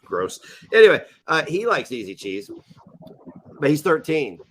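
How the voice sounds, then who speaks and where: A man hosts a casual livestream with a lively, swinging delivery and a bright edge. He teases and mocks his guests and his chat. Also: on the high side, a little hiss or hum. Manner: animated, mocking, quick to tease. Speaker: livestream host.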